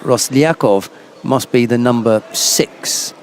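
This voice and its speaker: A man's voice: medium pitch, slow pace, a little hiss or hum. A man commentating live on a judo event, chatty and anecdotal. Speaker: sports commentator.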